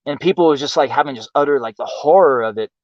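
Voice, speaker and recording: A man's voice: medium pitch, fast talker, darkish tone, dry recording. Rambling profane man, muffled distant mic. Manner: rambling and profane, many fillers. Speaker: host. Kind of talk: casual monologue. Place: home in the countryside.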